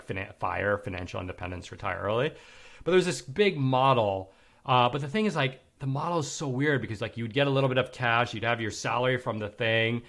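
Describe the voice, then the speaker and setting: A man's voice: mid-range voice, a bit bright. A man in his forties, a podcast guest, telling a candid personal story in casual conversation, swearing now and then and acting out the people he quotes.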